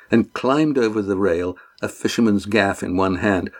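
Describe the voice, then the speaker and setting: Low-voiced man narrating a story. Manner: measured, dramatic storytelling with acted dialogue. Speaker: audiobook narrator. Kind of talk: scripted narration.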